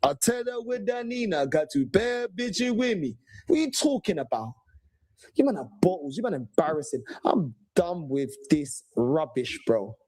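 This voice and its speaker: A man's voice: fairly high pitch, very animated, normal speed, mellow, dry recording. A man in a heated, profane football fan rant, stammering and mocking. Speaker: football fan ranting on a panel.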